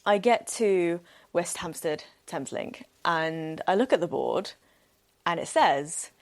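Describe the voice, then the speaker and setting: A woman's voice: on the low side, animated, slow pace. A young woman hosting a solo podcast, telling a story in an upbeat, chatty way with many "like" fillers, laughing often and acting out what people said. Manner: laughs often and acts out quoted speech. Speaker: podcast host.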